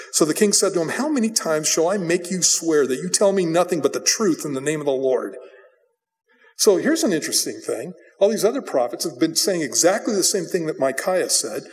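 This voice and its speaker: A man preaching a Bible teaching in a loose, conversational way, blunt and animated as he tells the story. His voice sits somewhat high for a man. Long hall reverb hangs behind him. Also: fairly quick. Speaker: pastor. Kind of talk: expository sermon.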